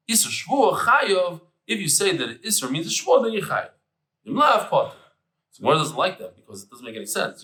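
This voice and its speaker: Male Talmud teacher, bright and animated delivery, echoey room. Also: on the high side. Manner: animated, chatty, mixes Hebrew terms into English. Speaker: Daf Yomi teacher. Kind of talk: lively Talmud lecture. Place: room with tables and air conditioner.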